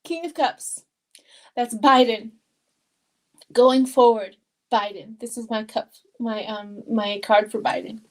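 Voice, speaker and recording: A woman's voice: on the high side, takes it slowly, pauses often, rough recording. An older woman from Colorado giving a live tarot reading in an emotional, chatty way, reading viewer comments aloud. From Colorado, USA. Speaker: tarot reader.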